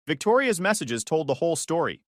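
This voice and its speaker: A male narrator reads a first-person story in a calm, matter-of-fact manner. His pitch moves a lot, and the sound is close and dry. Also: fairly quick, dry recording.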